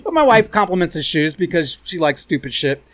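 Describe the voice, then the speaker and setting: A man's voice: fairly high pitch, a little fast. A middle-aged man hosting a podcast, telling profane stories in casual banter and mocking the people in them. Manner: animated, profane storytelling with mocking quoted voices. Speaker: podcast host.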